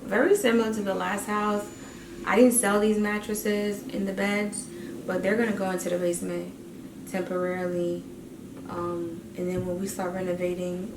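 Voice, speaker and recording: A woman, rambling casually as a vlogger with lots of fillers. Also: mid-range voice. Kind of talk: casual vlog chat. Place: empty house during a move. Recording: roomy and distant, faint noise.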